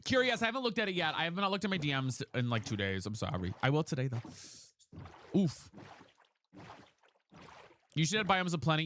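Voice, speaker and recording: Game streamer, live gameplay chat, swearing, excitable, very lively pitch, faint clicks behind. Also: a little hiss or hum. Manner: profane and excitable, quick swings between grumbling and squealing.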